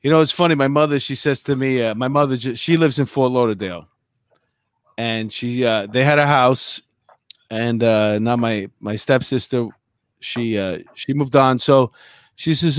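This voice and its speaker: A man's voice: mid-range voice, normal speed, clear, resonant tone, no echo. A man in his fifties hosts a casual chat and spins stories in a talkative way. His voice is dry and close. He restarts his phrases often. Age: 50s. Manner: storytelling, chatty with many restarts.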